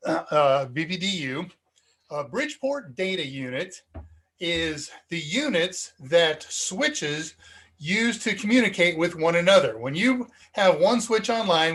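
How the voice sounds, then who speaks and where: Speaking into a cheap USB desk microphone, this American tech Q&A streamer rambles casually and says um often. He sounds slightly dizzy and foggy, and his voice is fairly high and a bit bright.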